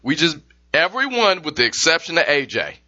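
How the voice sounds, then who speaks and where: A man's voice: fairly high pitch, sing-song, brisk, bright, forceful tone, muffled recording. A man co-hosting a podcast, telling stories in a casual chat. He swears freely and acts out the people in his stories. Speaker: podcast co-host.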